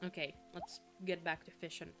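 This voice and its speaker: With music in the background, a young woman from Finland streams a game as a vtuber and chats casually at normal speed. Her fairly low voice has little pitch movement, and she rambles with plenty of fillers, a slight sniffle, and sudden swearing.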